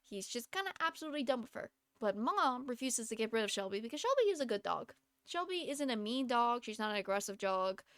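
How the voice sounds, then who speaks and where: A woman's voice: on the high side, big pitch swings, fairly quick, a bit bright, clear, resonant tone, no room sound. A young woman streaming a game from home, chatting in a rambling way and laughing often. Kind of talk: casual chat while gaming.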